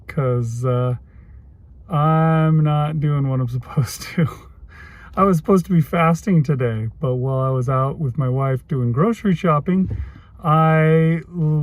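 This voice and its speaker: A man's voice: a little high, lo-fi sound. A man keeping a casual video diary. He talks candidly, is self-deprecating and chuckles often. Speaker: vlogger.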